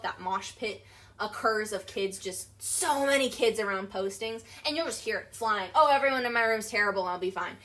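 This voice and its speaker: A woman's voice: on the high side, a bit bright. A young adult woman talking animatedly as an interview guest, emphatic and full of fillers. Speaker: guest, accessibility advocate. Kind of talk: casual interview talk.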